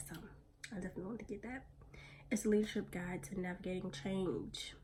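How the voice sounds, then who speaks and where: A woman vlogs casually into her phone, chatty and slangy as she addresses her viewers. Her voice sits at a middling pitch for a woman. A faint hiss of background noise runs under the recording. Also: fairly even intonation, brisk. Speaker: vlogger. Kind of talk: casual vlog chat. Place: on the go, car and errands.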